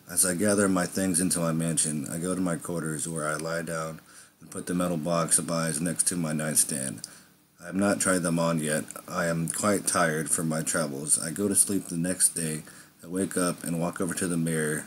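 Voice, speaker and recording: A man's voice: low voice, fairly even intonation, normal speed, slight background noise. A man telling an improvised first-person story in a rambling way, with slips and restarts.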